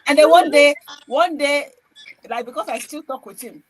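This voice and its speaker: A woman's voice: sits high, moderate pace. A woman, a guest on a live show, telling a story with animation and acting out the quoted dialogue. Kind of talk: casual storytelling.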